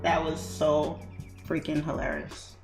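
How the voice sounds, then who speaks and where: Woman host, giggly chatty storyteller, slangy, roomy sound with soft music behind. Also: deep voice, completely flat delivery, a little slow. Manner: laughing storyteller, loose slangy talk. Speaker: trading livestream host. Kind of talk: casual chat while trading.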